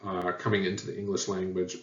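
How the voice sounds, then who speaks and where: A man's voice: low-pitched, completely flat delivery, fast talker. A man teaching a lesson, explaining at an easy pace with frequent ums and uhs. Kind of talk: lecture on language history. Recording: echoey room, dull sound, mic at a distance.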